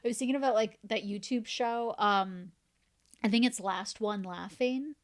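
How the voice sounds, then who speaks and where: A woman co-hosting a podcast in casual chat, chatty, acting out quotes with big pitch jumps. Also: moderate pace. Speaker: podcast co-host.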